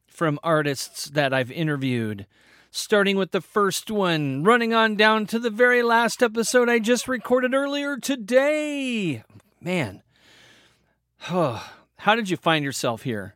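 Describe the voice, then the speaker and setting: Guy hosting his podcast solo, kinda high voice, chatty and hyped, dry close mic. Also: animated, slow pace, fairly bright tone, no room sound. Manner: upbeat, rambling, playful, with sudden pitch jumps. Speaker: podcast host. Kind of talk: energetic solo podcast intro.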